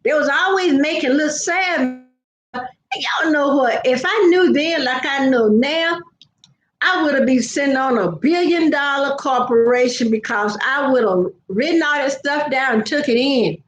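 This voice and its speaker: In a high voice and at a slightly slow pace, an older livestream host chats casually, calling out viewers by name and slipping into family tales. The sound is roomy and muffled.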